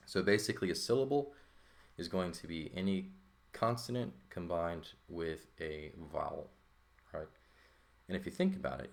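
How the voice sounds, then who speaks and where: A man's voice: rumbling low, creaky. A man teaching a recorded lesson in a casual, thinking-aloud way, often checking in with "okay?" and "right?". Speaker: Greek teacher. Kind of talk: informal recorded lesson, writing on paper.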